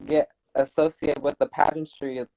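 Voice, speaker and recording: A talk show co-host chatting casually, responding quickly and restarting phrases while thinking. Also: medium pitch, little pitch movement, vocal fry, dark tone, no room sound, rough recording. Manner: conversational, quick backchannels, restarts when thinking. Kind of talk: casual chat.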